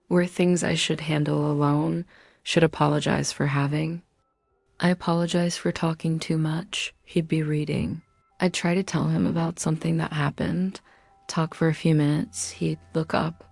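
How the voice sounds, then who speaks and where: Woman, very low voice, flat delivery, gravelly fry, confessional narration, faint music behind. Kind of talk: first-person confessional narration.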